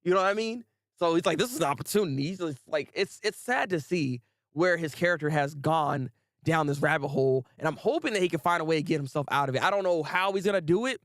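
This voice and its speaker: A young man hosting a casual anime review livestream, talking in an animated way, laughing often and chatting with viewers. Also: a little high, fast, no echo, clean studio sound.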